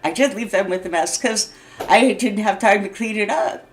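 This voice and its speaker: An agitated woman in her sixties, a vlogger, vents to camera in an unscripted, rambling monologue. Her mid-range voice moves at a moderate pace over a little hiss or hum, and she laughs between thoughts, swears freely, and restarts her sentences.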